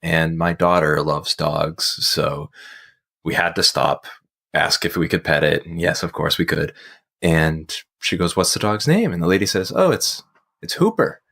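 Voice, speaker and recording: A man's voice: rumbling low, unhurried, vocal fry. A man in his thirties, a podcast co-host, chatting casually and telling a rambling anecdote about his family. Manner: rambling storyteller, animated when quoting people. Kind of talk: casual chat.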